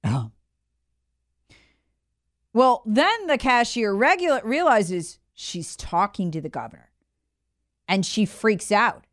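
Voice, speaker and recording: A woman's voice: mid-range voice, big pitch swings, takes it slowly, pauses often. A woman hosting a political commentary show, telling the story in a sarcastic, mocking way.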